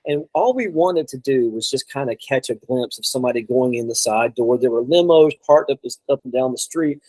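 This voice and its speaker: A man's voice: medium pitch, expressive, a little fast, dark tone, no echo, rough recording. A man telling a long road story in a casual chat, rambling, with many restarts and quoted asides. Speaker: guest drummer.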